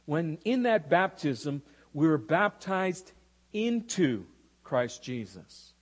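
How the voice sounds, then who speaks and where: High-voiced preacher in a reverberant hall. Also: male voice, very animated, slow. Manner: opens in prayer, then teaches expressively with rhetorical questions. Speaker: pastor. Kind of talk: sermon.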